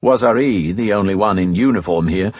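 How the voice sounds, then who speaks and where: Man, audiobook narration, low pitch, husky, dry, dull audio. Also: brisk, darkish tone, dry recording. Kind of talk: scripted narration.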